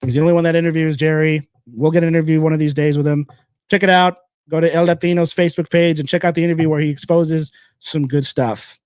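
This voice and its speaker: A man hosting a casual solo podcast, talking bluntly and rambling with repeated phrases between sponsor shout-outs. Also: a little high, fairly even intonation, quick pace, smooth, no echo, studio quality. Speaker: podcast host.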